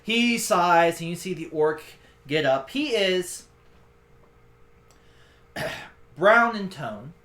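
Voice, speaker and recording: Guy gm narrating a tabletop game, slow and bright, echoey room. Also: high voice, expressive. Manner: descriptive storytelling. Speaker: game master.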